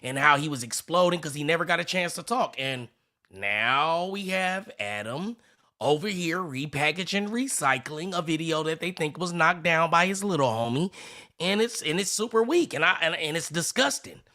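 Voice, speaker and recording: A man hosts a reaction commentary show with a bright, clear tone and a voice pitched a little above the usual. He talks in an animated, indignant way as he introduces clips. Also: moderate pace. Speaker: commentary channel host.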